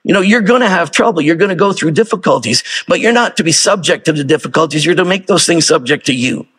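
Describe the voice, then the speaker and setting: A man's voice: fairly high pitch, expressive, quick pace, fairly bright tone, breathy edge. A male pastor delivering a sermon in a casual, conversational way, firing off rhetorical questions to the congregation.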